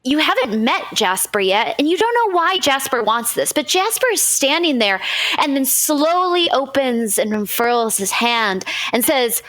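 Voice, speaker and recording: A woman's voice: sits high, lively intonation, measured pace, fairly bright tone. A woman narrating a tabletop game as game master in a casual, fluid manner.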